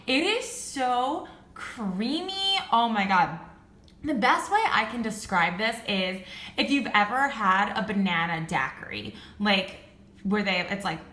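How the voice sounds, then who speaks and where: A young woman reviewing candles in a casual vlog, gushing and excitable, with lots of "like" fillers. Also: medium pitch, roomy sound. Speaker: beauty and candle vlogger.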